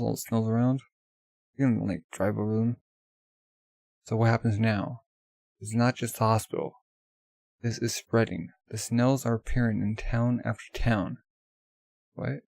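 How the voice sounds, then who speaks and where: A man's voice: on the low side, gravelly, a little mellow, no room sound. A man casually reading a manga aloud in a loose, offhand way full of fillers. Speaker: manga reader.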